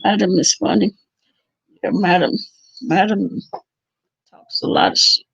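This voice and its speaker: A woman's voice: medium pitch, gravelly, husky, dry recording, dull audio. A woman hosting a casual livestream chat, talking loosely with viewers and laughing often. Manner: chatty, laughs often, drawn-out pauses. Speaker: livestream host.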